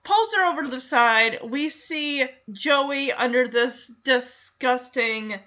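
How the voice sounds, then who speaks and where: A woman's voice: high-pitched, takes it slowly, sharp tone, dull audio. A woman chatting wryly through an episode recap, laughing often and acting out quotes.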